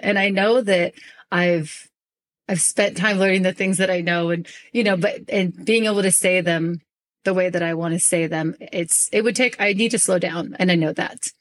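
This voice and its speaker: A woman hosting a podcast in casual chat, talking fast and rambling with lots of fillers. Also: fairly low pitch. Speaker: podcast host.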